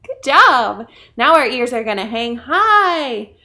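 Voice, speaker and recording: Librarian for pre-k story time: woman, high voice, slow, encouraging delivery for little kids. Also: big pitch swings, pushed and bright. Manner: slow, encouraging, talks directly to small children; playful, acts out animals.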